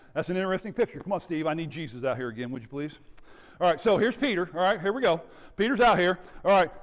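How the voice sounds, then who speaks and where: A man preaching a sermon as pastor, animated and calling out to the congregation for responses. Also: high voice. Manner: animated preaching with audience call-outs. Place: church sanctuary. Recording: church hall with long reverb.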